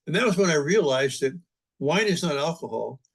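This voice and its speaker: An older man, a priest, reminiscing in an interview with relaxed, humorous storytelling. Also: on the high side, a little fast. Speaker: interview guest, priest and publisher. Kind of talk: anecdotal storytelling in conversation.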